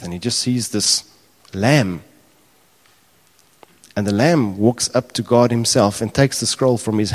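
A man preaching a sermon, talking casually to his congregation and building to impassioned, near-shouted questions. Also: lowish voice. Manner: conversational asides to the congregation.

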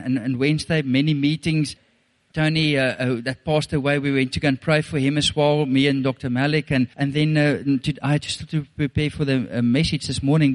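Earnest South African pastor preaching. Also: male voice, mid-range voice. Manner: earnest, rambling storytelling with restarts. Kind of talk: sermon with personal testimony.

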